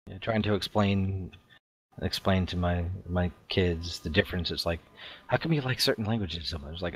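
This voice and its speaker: A man's voice: sits low, normal speed, slightly rough. A middle-aged man co-hosting a talk show, chatting casually in a rambling, chuckling way. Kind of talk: casual chat.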